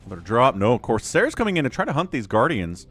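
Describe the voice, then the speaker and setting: A man's voice: medium pitch, wildly swooping pitch, fairly quick, fairly bright tone. An American man giving casual, joking livestream commentary on a strategy game and chatting with viewers. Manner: chatty, joking, reads chat aloud.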